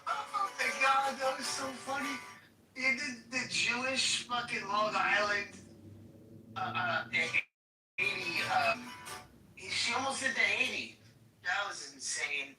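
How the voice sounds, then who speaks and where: Brief: male host, casual and excitable, roomy distant mic with music underneath. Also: high-pitched, slow pace. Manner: excitable, laughing, profane. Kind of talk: casual livestream chat. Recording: echoey room, mic far off, music behind.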